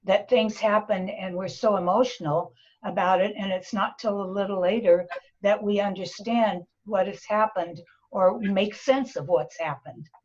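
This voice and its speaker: A woman in a church book group discussion, calm and reflective. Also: mid-range voice, normal speed, muffled recording.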